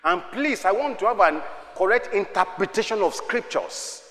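A male pastor preaches in a sharp, forceful voice that sits high for a man. He works the congregation with call-and-response, sliding from quiet asides up to shouting. The sound is roomy, with reverb trailing off in a large hall. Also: expressive, moderate pace. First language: Yoruba. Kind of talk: sermon. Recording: echoey hall with long reverb.

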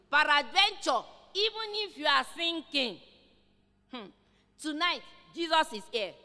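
A woman's voice: high voice, pushed and bright. A woman preaching a sermon in a church, passionate and emphatic, building in intensity as she exhorts her listeners. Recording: long hall reverb.

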